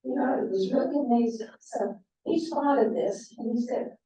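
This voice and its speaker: A woman's voice: fairly high pitch, moderate pace, few pauses, dark tone, slight background noise. Guest speaker, woman, American, rambling and chatty, recorded far from the mic. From United States. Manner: chatty storyteller, many fillers. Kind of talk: anecdotal talk to a club. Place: club meeting room. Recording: echoey room, voice from far off.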